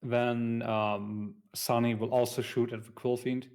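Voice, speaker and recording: A man's voice: medium pitch, flat delivery, a little slow, darkish tone. A man playing a tabletop game on stream, talking hesitantly with many ums. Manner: hesitant, many ums, mutters when he slips. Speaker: player.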